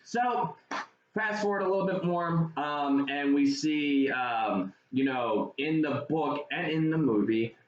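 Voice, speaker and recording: A man's voice: fairly high pitch, takes it slowly. Rambling man reviewing a movie, echoey room. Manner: rambling, retells scenes with many fillers. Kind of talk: casual chat. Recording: echoey room, dull lo-fi sound, faint noise.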